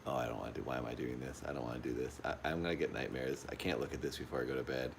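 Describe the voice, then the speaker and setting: Very deep, gravelly man streaming a horror game. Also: steady tone, rapid-fire, background noise. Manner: jumpy, easily frightened, repeats exclamations. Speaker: livestreamer playing a horror game. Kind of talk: live gameplay commentary. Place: dark room at home. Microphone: phone pointed at the TV.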